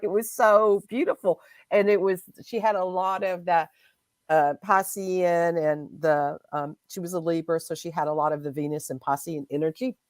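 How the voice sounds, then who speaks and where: A woman hosting a casual spiritual chat, speaking in a gentle, reflective and heartfelt way. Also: fairly low pitch, dry recording. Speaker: host.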